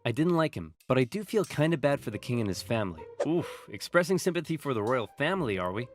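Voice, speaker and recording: A man narrates comedic animated history at a middling pitch, his voice bouncing widely up and down. He jumps quickly between silly character voices. Faint music plays under him. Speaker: narrator doing all the voices.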